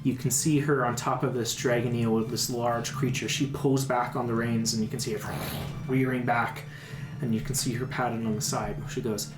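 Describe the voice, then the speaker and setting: A man's voice: mid-range voice, flat delivery, moderate pace. A man narrating a tabletop game as dungeon master, descriptive, with fillers. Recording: echoey room with background music.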